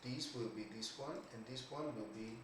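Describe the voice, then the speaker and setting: A man giving a casual 3D art tutorial, thinking aloud slowly with many "okay"s and trailing phrases. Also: medium pitch. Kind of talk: casual screen-recorded tutorial. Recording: echoey room, distant mic, faint hiss.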